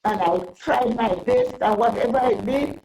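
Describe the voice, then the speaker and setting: An older woman telling a long personal story in an interview, rambling and halting with many restarts. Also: on the high side, warm tone, low-quality recording. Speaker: interview guest. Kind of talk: casual storytelling.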